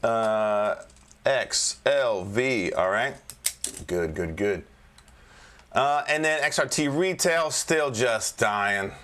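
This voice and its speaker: A man's voice: medium pitch, lively intonation, slow pace, a bit bright. Chatty, joking male trading coach. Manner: chatty and joking, keeps checking in with "all right?". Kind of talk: casual screen-share market review.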